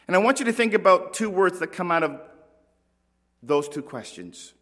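A male pastor delivers a sermon with earnest, dramatic emphasis and pointed pauses. His voice sits a little high for a man and rings out with a long reverb in a large church hall. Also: sing-song, a bit bright.

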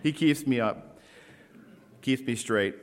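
A man preaching a sermon to his congregation, emphatic and deliberate, with friendly asides to the people in front of him. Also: medium pitch. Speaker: pastor. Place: church sanctuary. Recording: long reverb of a church hall.

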